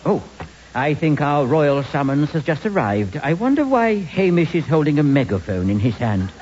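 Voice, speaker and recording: Fussy complaining doctor sidekick, lively pitch, lo-fi radio drama. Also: male voice, normal speed, slight background noise. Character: fussy, whining male doctor sidekick and narrator.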